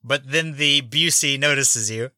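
A man's voice: mid-range voice, unhurried, bright, forceful tone, slight background noise. A man narrating a tabletop game as game master, laid-back and often laughing as he describes scenes.

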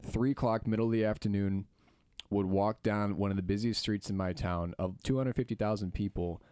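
A young man chats on a podcast, telling stories with lively energy. His voice is smooth and clear, sitting a little low. The sound is dry and close. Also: brisk, no echo. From United States. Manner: lively storyteller, slips into mimicking voices. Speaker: podcast guest. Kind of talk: casual chat.

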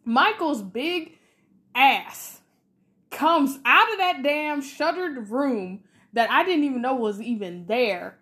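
Brief: 20s woman, podcast co-host, rambling casual review, higher-pitched voice, filler-heavy. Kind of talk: casual film review chat.

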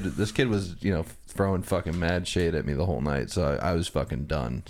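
Deep-voiced, foul-mouthed man telling a story. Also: a little mellow. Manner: profane, blunt storyteller. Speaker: podcast co-host. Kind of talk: casual comedic chat.

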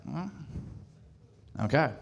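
A man doing a stand-up set on a club stage, hesitant, full of stammered restarts. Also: extremely slow. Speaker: stand-up comedian.

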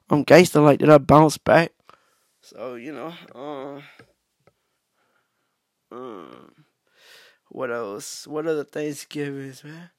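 A man talks loosely into his own podcast, full of slang, fillers and restarts. His voice sits a little high with a gravelly rasp. The recording is dry and close. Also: dry recording. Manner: laid-back, slangy, many fillers and restarts. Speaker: podcast host. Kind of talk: casual storytelling monologue.

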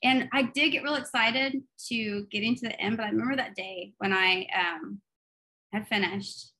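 Female podcast co-host, animated storyteller, earnest in prayer. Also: mid-range voice, moderate pace, rough recording. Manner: animated storytelling, laughs often, turns soft and earnest in prayer. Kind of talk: faith podcast chat and prayer.

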